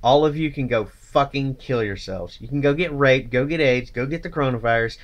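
A man's voice: mid-range voice, a little fast. A man ranting angrily to his channel, contemptuous and swearing constantly. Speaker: channel host. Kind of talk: angry profane rant to camera.

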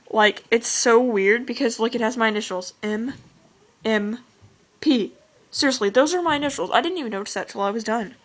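A teenage girl vlogger chats casually while showing off her own drawings, gushing and rambling with plenty of "like" and "oh my gosh." Her woman's voice sits on the high side with a fairly bright tone, and the audio quality is poor.

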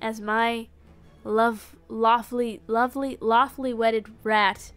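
A woman's voice: a little high, level tone, slow, fairly bright tone, smooth, faint music behind. A young woman streaming a game live, playful and dramatic, swinging from mock-solemn to giddy squeals.

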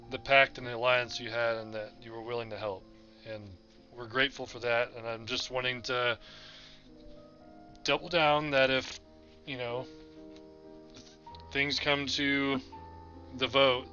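A man's voice: mid-range voice, bright, forceful tone, lo-fi sound. A man playing a tabletop game, talking casually while bargaining in character. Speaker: player. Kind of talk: casual tabletop role-play.

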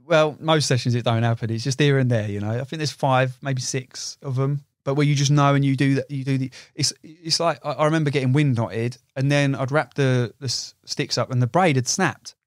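Young angler, guest on a podcast, excitable and chatty, dry sound. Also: male voice, medium pitch, fairly quick, hardly any pauses, no room sound. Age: young adult. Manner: excitable storyteller, swears, uses "you know" a lot. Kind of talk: casual chat.

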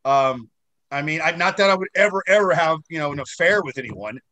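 A man's voice: a little high, animated, a little fast, pushed and bright. A man being interviewed as an actor guest, still shaken after a head injury, talking in a rambling way with many restarts and casual swearing.

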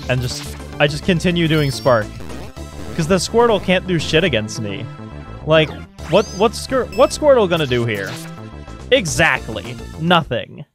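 A man talks through a video game in a casual, joking way, his voice swinging up and down with excitement. He sits a little high for a man and breaks into laughter often, with faint game music underneath. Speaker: video game let's player. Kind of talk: casual gameplay commentary.

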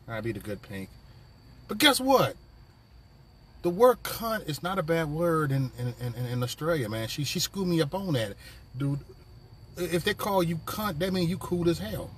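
On a work break with traffic audible close by, a man runs a casual live stream from his phone. His voice is fairly high and a little rough, and his chatter with viewers is loose, profane and rambling.

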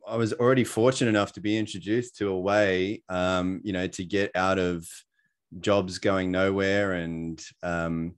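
A man with an Australian accent talks through a presentation on a video call. His voice sits a little low, and he rambles in a friendly way, full of "um" and "you know", with a laugh at his own expense now and then. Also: smooth. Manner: chatty, many fillers, laughs at himself. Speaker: presenter sharing his story.

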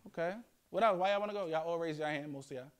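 A young man from Yonkers with a New York accent, telling playful, slangy stories as a guest speaker to high school students. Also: quick pace. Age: young adult. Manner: animated, slangy, playful storytelling. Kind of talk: storytelling talk to students. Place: school classroom.

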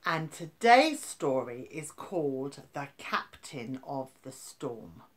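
A woman reading a children's storybook aloud, expressive, with dramatic build-ups and hushed endings. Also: a bass voice, slow pace. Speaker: story reader.

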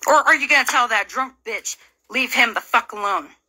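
A woman's voice: a little high, moderate pace, sharp tone. A woman from Illinois delivering an angry, profane, confrontational rant straight to her audience, full of taunting rhetorical questions. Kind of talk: angry direct-to-camera rant.

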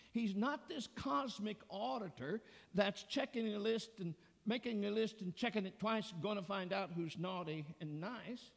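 A man preaching a sermon as pastor in a church sanctuary, earnest and deliberate, pressing hard on key words. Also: high voice, vocal fry, fairly bright tone. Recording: long church reverb.

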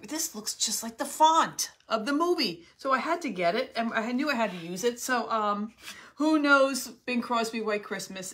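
A middle-aged woman from New Jersey hosting a live crafting stream from her home craft room, chatting and greeting viewers by name. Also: on the high side. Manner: chatty, warmly greets viewers by name, gasps and laughs often. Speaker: craft livestream host.

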